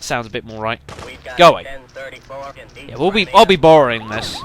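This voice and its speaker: A man's voice: medium pitch, lively intonation, normal speed, long pauses, a bit bright, soft background music. A man giving casual gameplay commentary, rambling with lots of fillers and addressing the audience as folks. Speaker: let's play commentator.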